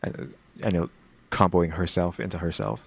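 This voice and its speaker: A man co-hosting a reaction video, thinking aloud in a halting, casual way with frequent restarts. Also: low-pitched, flat delivery, gravelly, husky. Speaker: reaction co-host.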